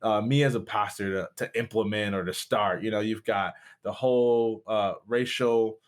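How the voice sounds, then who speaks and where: A man's voice: on the low side, steady tone, normal speed. A man from Michigan, a pastor, telling a personal story in an interview with rising passion. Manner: impassioned, voice rising sharply at peaks. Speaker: guest, pastor and speaker.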